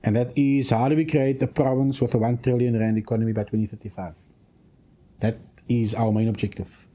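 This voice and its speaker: A man speaks in a deliberate, official cadence, laying out plans in long statements. His voice is dark and mellow, sitting at an ordinary middle pitch for a man. It sounds like a studio microphone on a radio interview show. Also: fairly even intonation. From South Africa. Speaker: provincial minister.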